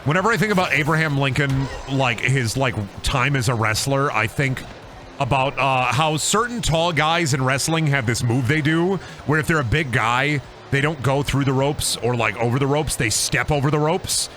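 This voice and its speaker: A man with a mid-range voice, a bit bright and at a normal speed, streams a game against slight background noise. His let's-play commentary is casual and rambling, full of jokes and riffs on wrestling bits.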